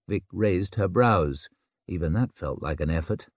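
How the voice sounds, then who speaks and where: A man narrates a novel in a measured, unhurried voice that sits on the low side. The recording is dry and close-miked with no room sound. His reading is steady and scripted. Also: no echo. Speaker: audiobook narrator.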